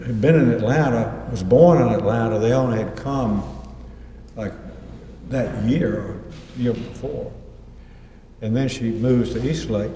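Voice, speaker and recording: A man gives an author's talk, trading anecdotes and quoting others in his own voice. His tone is dark and mellow. He is heard from a distance in a roomy, echoing hall. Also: mid-range voice, a little hiss or hum. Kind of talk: lecture with slides. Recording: echoey hall, mic far off.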